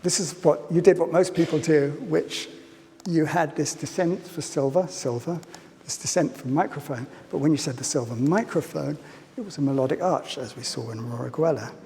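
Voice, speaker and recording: A man's voice: fairly high pitch, moderate pace, creaky, darkish tone, slight background noise. A man giving a public lecture, playful and fond of asking his audience questions. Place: lecture hall. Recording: lecture hall reverb, faint ambience.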